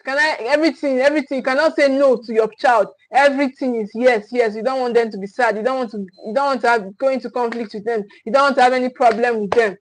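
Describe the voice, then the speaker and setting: A woman with a high voice coaches parents in a livestream talk. She hammers each point home by repeating it, restarts her sentences often and keeps asking "okay?". The sound is dry, close and without room echo. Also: steady tone, quick pace, few pauses. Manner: emphatic and repetitive, restating key phrases; frequent restarts and checking "okay?".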